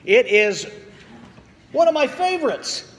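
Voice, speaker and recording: A man preaching a sermon as pastor, telling stories with voiced quotes and slow pauses. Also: very high voice, very animated, a bit bright, a little hiss or hum. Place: church sanctuary. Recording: long church reverb.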